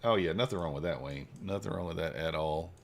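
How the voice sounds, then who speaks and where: A man hosting a trading livestream, casually reading and answering viewer chat while he trades, swinging between hyped shout-outs and quiet muttering. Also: deep voice, a little fast. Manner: hypes viewers, reads chat aloud, shifts from excited shouts to mumbling. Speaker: livestream host, futures trader.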